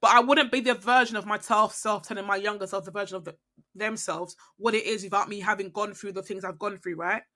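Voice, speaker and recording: A woman's voice: medium pitch, steady tone, a little fast, pushed and bright. A young woman who is a podcast guest, talking reflectively and rambling, often checking in with the listener. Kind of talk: reflective casual conversation.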